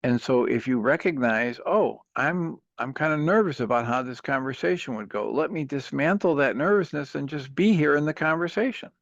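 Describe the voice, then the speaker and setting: A man talks a caller through a problem with patient, earnest care. His voice sits at a middle pitch. The sound is close and dry, a bit dull like broadcast audio. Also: normal speed, vocal fry, hardly any pauses, no room sound. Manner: earnest, patient, steady counseling. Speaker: radio talk show host, coach. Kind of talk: calm advice on a call-in show.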